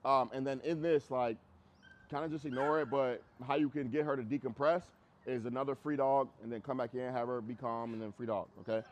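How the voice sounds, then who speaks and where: A man's voice: mid-range voice, steady tone, fairly quick, a little hiss or hum. A man teaching a group dog training class, talking bluntly and casually and repeating phrases for emphasis. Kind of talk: group class instruction outdoors.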